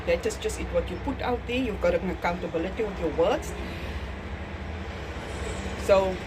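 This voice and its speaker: A woman's voice: mid-range voice, background noise. A woman with a South African accent talking casually to her vlog audience at home, emphatic and repeating phrases for effect. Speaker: vlogger. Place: home kitchen.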